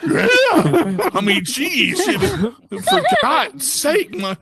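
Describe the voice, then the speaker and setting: A man performing a stand-up comedy routine at a club, telling an animated story and acting out the voices of the people in it. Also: extremely high pitch, very slow, vocal fry, over a noisy crowd, low-quality recording.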